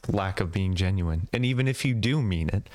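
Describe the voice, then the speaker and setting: Male podcast co-host, very deep voice, casual and jokey, dry close sound. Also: expressive, a little mellow, dry recording. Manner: easygoing, jokey, acts out quick examples and chimes in with short agreements. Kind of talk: casual chat.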